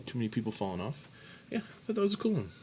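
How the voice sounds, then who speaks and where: Brief: american man, mid pitch, lively jokey quizmaster for a casual podcast. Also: racing, background noise. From United States. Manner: joking, animated quizmaster. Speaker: podcast co-host running trivia. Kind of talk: casual beer podcast chat.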